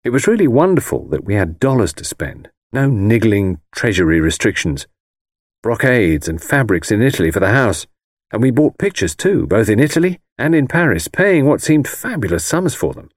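A man reading a first-person novel aloud in a measured, wry, conversational manner. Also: on the low side, big pitch swings, dry recording, studio quality. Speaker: audiobook narrator.

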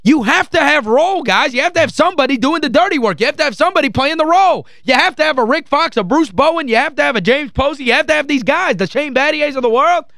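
A man's voice: very high voice, lively intonation, quick pace, gravelly, few pauses, bright, forceful tone, no echo. A male sports radio host in a studio, ranting heatedly and with exasperation, hammering his points home by repeating phrases. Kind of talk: call-in sports talk rant.

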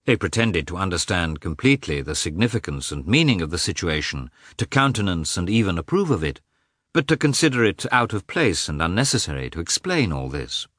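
A man giving an expressive, measured reading of a classic novel as an audiobook narrator. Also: deep voice, dry recording, studio quality.

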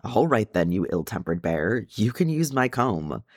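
A man's voice: fairly low pitch, very animated, a little slow, dry recording, studio quality, exaggerated voice. A man reading aloud and voicing a sleepy, grumpy young female dwarf who growls sarcastically.

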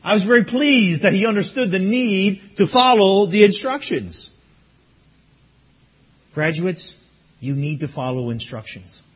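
High husky pastor preaching to graduates. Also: male voice, animated, measured pace, long pauses, highs cut off. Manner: storytelling, chuckling, earnest exhortation. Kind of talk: sermon to graduates.

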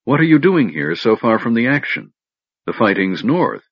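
A man's voice: mid-range voice, sing-song, moderate pace, no echo, voice pushed up. Een man die een stotterende nerveuze soldaat speelt. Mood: nervous. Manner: hesitant, stammering. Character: nervous, cornered half-elf male soldier. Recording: dull lo-fi recording.

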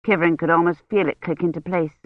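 A woman's voice: lowish voice, no room sound. Woman narrating an audiobook, dull lo-fi sound. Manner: measured, even storytelling. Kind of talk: scripted narration. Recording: dull, lo-fi, dry.

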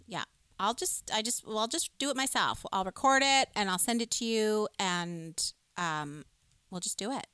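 A woman's voice: medium pitch, moderate pace, bright, forceful tone, smooth, no room sound. A woman co-hosting a live music stream, chatting with enthusiasm and reading viewer comments aloud. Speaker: co-host of a music livestream. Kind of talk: casual live-stream chat.

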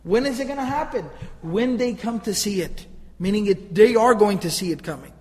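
A man's voice: sits high, lively intonation, normal speed, in a large hall, poor audio. A man teaching Quranic grammar, emphatic and asking rhetorical questions, often repeating himself. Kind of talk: explaining Quranic grammar to listeners.

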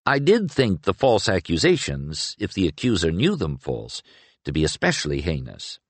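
An earnest, curious young sorcerer argues his case eagerly, as a man reading the book puts him on. The low voice lifts a little and moves in lively swings. The sound is close and dry. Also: normal speed, breathy edge, no echo, full character voice. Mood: explaining. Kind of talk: audiobook character reading.

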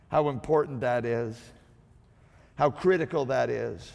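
A male pastor preaching a sermon, emphatic, slowing down to repeat key lines. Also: medium pitch, creaky, darkish tone, long reverb tail.

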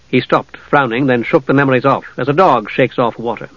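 A man reads a fantasy novel aloud in steady, even storytelling. The audiobook has a muffled, lo-fi tone and a dry, close sound with no room in it. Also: medium pitch, a little fast, few pauses, no echo. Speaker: audiobook narrator. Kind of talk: scripted fantasy narration.

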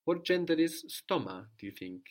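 A man's voice: a little high, sing-song, normal speed, a little mellow. A man teaching a language lesson, patiently prompting his student and repeating the answers.

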